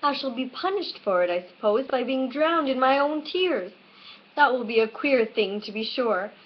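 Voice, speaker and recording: A woman's voice: sits high, animated, normal speed. Alice, a chatty little girl, played by a woman. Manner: earnest, rambling chatter. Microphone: webcam. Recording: dull lo-fi webcam recording.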